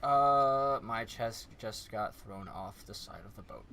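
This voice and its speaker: A man's voice: on the low side, slow pace, pushed and bright, a little hiss or hum, heavily acted. A man voicing a small, skittish male fae who mumbles, trails off and swears a lot. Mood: glum.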